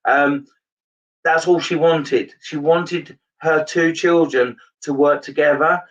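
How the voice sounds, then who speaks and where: A man's voice: fairly high pitch, fairly even intonation, slow, fairly bright tone, far from the mic, dull audio. A man giving a live mediumship reading, talking earnestly and rambling with frequent restarts.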